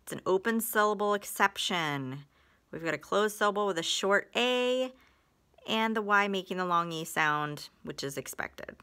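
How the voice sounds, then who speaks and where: A woman's voice: medium pitch, lively intonation, normal speed, sharp tone, clean tone. A woman teaching phonics in a recorded lesson, patient, stretching out example words and sentences.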